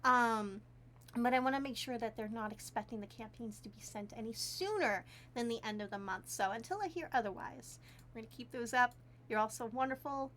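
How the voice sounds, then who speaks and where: A woman's voice: sits high, a bit bright. A woman streaming from a tiny room at home, chatting casually while she crafts, giggly and full of thanks. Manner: chatty, giggly and effusively grateful.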